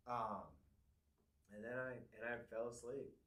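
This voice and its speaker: A man co-hosting a podcast, telling a personal story in a candid, halting way with many restarts. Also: mid-range voice, fairly even intonation, fairly bright tone. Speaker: podcast co-host. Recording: echoey room, far from mic.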